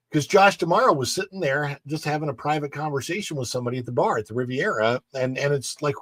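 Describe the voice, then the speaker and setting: A man's voice: medium pitch, fairly bright tone, no room sound. A man co-hosting a podcast, chatting casually and reading news stories, rambling with lots of fillers and restarts. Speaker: podcast co-host. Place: studio. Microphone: studio mic.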